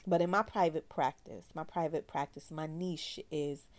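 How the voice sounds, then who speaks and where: A woman therapist telling a personal story candidly in a loose, slangy, animated way. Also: sits low, moderate pace. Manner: animated, slangy, acts out quoted voices.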